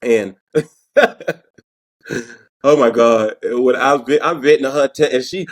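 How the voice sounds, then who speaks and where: A man's voice: medium pitch, a little slow. A man hosting his own commentary vlog. He talks casually and animatedly, laughs often and repeats words as he goes. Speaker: show host.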